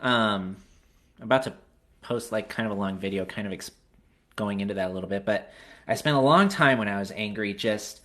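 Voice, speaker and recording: Earnest male host, bright tone, reflective chat. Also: lowish voice, normal speed, long pauses. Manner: earnest, reflective, laughs between thoughts. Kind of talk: candid personal conversation.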